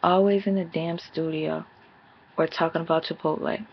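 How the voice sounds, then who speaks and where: A woman with a low, gravelly, slightly husky voice gives a casual, profane recap of a reality show. She is blunt and sassy and now and then mimics the cast members in animated bursts. The sound is dull and lo-fi, like a home recording. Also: moderate pace. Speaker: TV episode reviewer.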